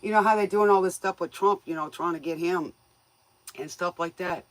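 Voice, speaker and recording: A woman's voice: lowish voice, normal speed, no room sound. A woman hosting a tarot livestream, chatting casually with viewers in a folksy, joking way, often laughing and playfully scolding them.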